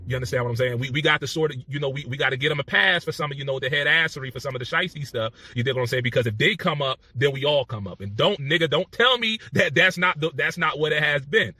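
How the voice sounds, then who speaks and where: Fast-talking man in a played clip. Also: medium pitch, pushed and bright, husky, dry recording. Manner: fast, with constant "you understand what I'm saying". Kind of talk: casual talk.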